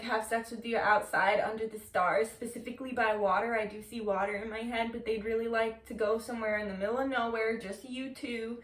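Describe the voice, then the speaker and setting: A woman reads tarot cards in a loose, chatty way, full of filler words and easy swearing. Her voice sits a little high. She is recorded from a distance in a room with a lot of echo. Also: a bit bright. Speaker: tarot reader. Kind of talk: casual tarot reading to camera. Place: room, seated on the floor. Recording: echoey room, mic at a distance.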